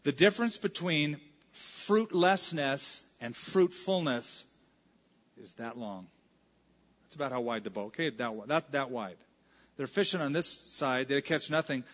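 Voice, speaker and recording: A man's voice: mid-range voice, animated, a little slow, a bit bright. A male pastor preaching a sermon in a conversational way, now and then acting out the lines of scripture. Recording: reverberant hall, dull lo-fi sound.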